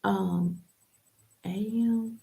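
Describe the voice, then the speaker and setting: A woman hosting a podcast, telling her personal testimony in an animated, candid way and acting out the voices of people she quotes. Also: medium pitch, drawn-out words, creaky. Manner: emphatic and candid. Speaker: podcast host. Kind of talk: personal testimony, casual talk.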